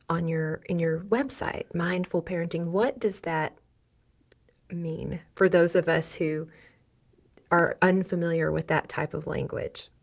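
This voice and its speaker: A woman's voice: on the low side, creaky. A middle-aged woman hosting a podcast interview, affirming and reflective toward her guest. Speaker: podcast host.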